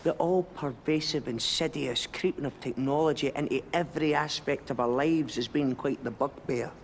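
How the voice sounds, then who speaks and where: A man's voice: on the high side, normal speed, close to an everyday voice. An actor playing a wordy, pompous Scottish man in a sitcom clip. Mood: smug. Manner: verbose, pompous phrasing. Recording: sitcom clip with faint noise.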